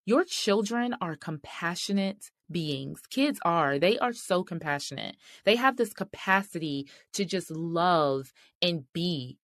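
A woman's voice: on the low side, animated, slow, few pauses, fairly bright tone, dry recording, clean studio sound. A middle-aged woman hosting a faith-based marriage podcast, talking directly and earnestly to listeners. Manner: earnest, direct, addresses listeners as "y'all" and "sis". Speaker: podcast host.

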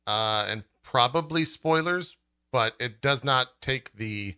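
A man hosting a casual podcast chat about video games, relaxed and laughing often. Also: mid-range voice, slow pace, clear, resonant tone. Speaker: podcast host.

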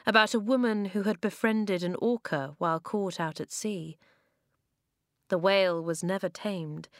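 A woman reading a children's novel aloud, expressive, voicing the dialogue with big leaps in pitch and loudness. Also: dry recording, studio quality. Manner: expressive, acts out dialogue with sharp jumps in pitch and volume. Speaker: narrator.

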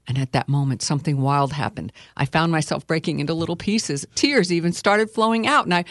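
A woman's voice: low voice, brisk, hardly any pauses, dry recording, clean studio sound. A woman author reading her memoir earnestly and expressively, then chatting as a guest. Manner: earnest and expressive, with filler hesitations.

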